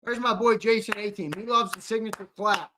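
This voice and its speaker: A man's voice: high-pitched, fairly even intonation, a little fast, very noisy. A young man co-hosting a live fan show, chatting loosely with viewers, swearing and repeating his lines as he reads comments. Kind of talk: casual live-stream chat reading comments.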